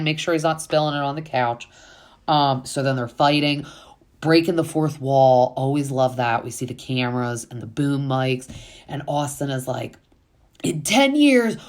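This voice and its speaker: A woman hosting a casual reality TV recap, chatty and full of fillers, with exasperated asides. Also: extremely low pitch.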